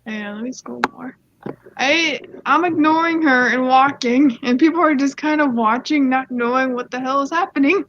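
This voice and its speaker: A woman's voice: sits high, measured pace, a bit bright, dry recording. A young woman casually reading online stories aloud, giggling and rambling off into side comments. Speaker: story reader. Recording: dull lo-fi dry mic.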